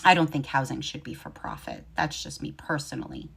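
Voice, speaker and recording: A woman's voice: rumbling low, wildly swooping pitch, a little fast, vocal fry, a bit bright, breathy edge. A woman in a played video giving opinion commentary with a sarcastic, mock-sympathetic edge.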